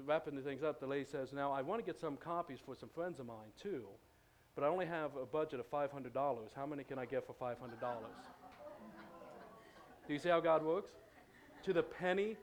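A man's voice: mid-range voice, quick pace. A man preaching in a church, telling a story in a loose, conversational way, with many fillers and restarts. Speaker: pastor. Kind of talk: storytelling sermon.

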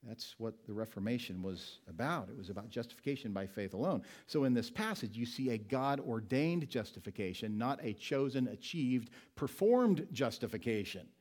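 A male pastor preaching a sermon, asking the congregation questions and answering them himself, slowing down to stress single words. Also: mid-range voice, expressive, darkish tone.

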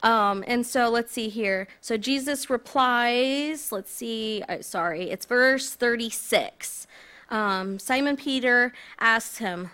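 Woman guest preacher, slightly high pitch, relaxed conversational sermon delivery. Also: slow pace, clean tone. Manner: casual, conversational, self-deprecating.

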